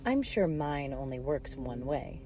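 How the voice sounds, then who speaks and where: A woman voicing a polite, curious young girl who asks earnest questions slowly, reading a storybook. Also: a bass voice, big pitch swings, background noise, exaggerated voice.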